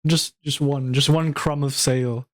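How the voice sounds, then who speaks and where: A man's voice: mid-range voice, steady tone, unhurried. A young man chatting casually on a livestream, rambling to his viewers with frequent laughs and swearing. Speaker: VTuber streamer.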